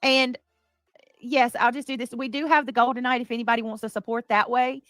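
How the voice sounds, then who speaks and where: A woman's voice: fairly high pitch, steady tone, a little fast, a bit bright, no room sound. Chatty woman live-streaming. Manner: chatty, effusive, greets viewers from chat. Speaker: livestream commentary host. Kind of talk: casual livestream chat.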